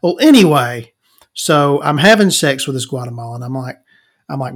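A man's voice: a little high, lively intonation, normal speed, a bit bright. A man hosting a podcast, telling crude stories in a rambling casual monologue and calling himself Victoria. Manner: frequent fillers and self-restarts. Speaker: podcast host.

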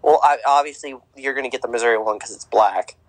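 A man's voice: mid-range voice, fast, no room sound, poor audio. A man co-hosting a podcast, chatting casually about sports with lots of fillers and restarts. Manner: rambling, with many fillers and restarts. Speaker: podcast co-host.

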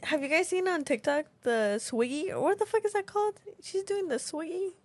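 A woman's voice: extremely high pitch, expressive, brisk, dry recording. A woman co-hosting a podcast in casual chat, chiming in and laughing often. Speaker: podcast co-host.

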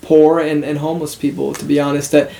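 A young man with a fairly high voice who talks quickly. He rambles, circles back, and repeats phrases in casual chat. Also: level tone, gravelly, warm tone, slight background noise. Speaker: podcast co-host.

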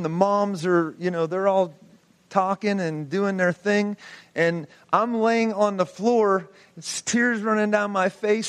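A man's voice: high-pitched, a bit bright. A man in his forties preaching, telling a personal testimony with impassioned storytelling and rhetorical questions.

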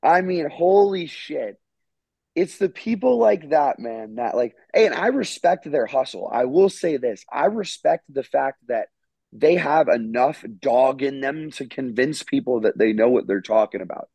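A man's voice: mid-range voice, animated, measured pace, creaky, darkish tone, husky, dry recording. A young man from Florida co-hosting a podcast, talking in slangy casual chat with lots of "bro" and swearing. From Florida, USA. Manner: slangy, swears, calls people bro and dude.

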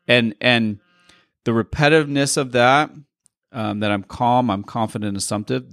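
A man's voice: lowish voice, creaky, a bit bright, dry recording, studio quality. A man leading a sales training session on a group call, rambling and often checking in with "right?". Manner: rambling, repeats words, asks "right?" a lot.

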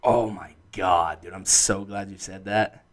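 A man's voice: low-pitched, fairly even intonation, measured pace. Laid-back, profane young guy saying "dude". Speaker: podcast co-host. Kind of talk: casual chat.

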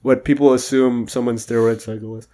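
A young man from the United States chatting casually, speaking in a monotone with many fillers and restarts. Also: mid-range voice, brisk. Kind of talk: casual chat.

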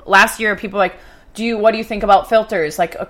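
A woman's voice: medium pitch, steady tone, quick pace. A young woman co-hosting a podcast, chatting casually in a blunt, sweary, opinionated way. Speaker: podcast co-host. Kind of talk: casual chat.

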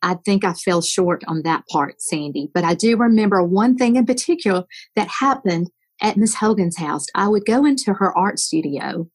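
As a guest speaker, an older woman tells a story in a sincere Christian devotional talk, frequently letting her lines fade into a soft whisper. She speaks in an animated, slightly rough mid-range voice at a moderate pace.

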